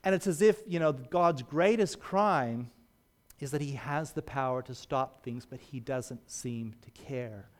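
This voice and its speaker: A man's voice: medium pitch, unhurried. A man preaching a sermon. He speaks earnestly and leans hard on his key words.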